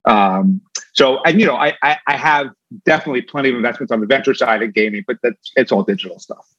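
A man being interviewed, talking fast with frequent restarts and fillers. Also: medium pitch, fairly bright tone, dry recording, lo-fi sound. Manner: quick, with many restarts. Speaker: guest, former campaign manager.

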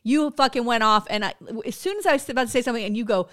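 A woman co-hosting a casual podcast, talking bluntly with plenty of swearing and animated storytelling. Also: sits high, fast talker, few pauses, clean tone, no echo, studio quality. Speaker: podcast co-host.

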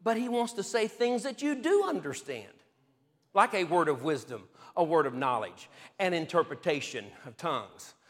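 Male pastor, higher register, animated storyteller, reverberant sound. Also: moderate pace. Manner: lively storyteller who chuckles often. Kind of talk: testimony-style sermon storytelling.

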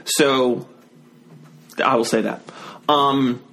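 A man's voice: medium pitch, fairly even intonation, extremely slow, a bit bright. A man guesting on a podcast, telling a story in casual chat with lots of restarts and self-deprecating asides.

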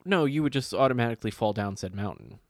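Animated and quick, a man with a mid-range voice co-hosts a casual chat, spinning stories, swearing freely, and imitating other people's lines. It's clean studio sound without echo.

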